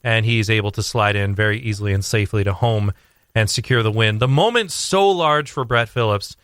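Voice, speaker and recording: Young guy rambling through a baseball story on air, clear smooth voice, all uh and um. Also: fairly low pitch, brisk, no echo, clean studio sound. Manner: rambling, many fillers and restarts; animated storytelling. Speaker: sports commentator guest. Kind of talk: casual radio sports chat.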